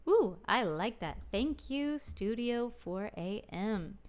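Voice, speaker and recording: A woman's voice: mid-range voice, expressive, slow pace. A woman musician talking to herself and her viewers while building a song in a studio livestream. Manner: talks to herself, soft and musing. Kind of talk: casual talk while making music. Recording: roomy with long reverb, music behind. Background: music playing.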